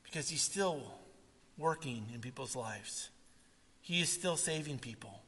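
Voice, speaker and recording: A man preaching a sermon, swinging from loud, animated retellings to quiet, earnest asides. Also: medium pitch, a little slow, slightly rough. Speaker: pastor. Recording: long reverb of a hall.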